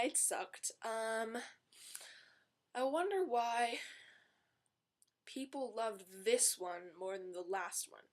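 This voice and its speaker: A woman's voice: a little high, darkish tone. A woman giving a casual, rambling movie review vlog with a sarcastic, chatty manner.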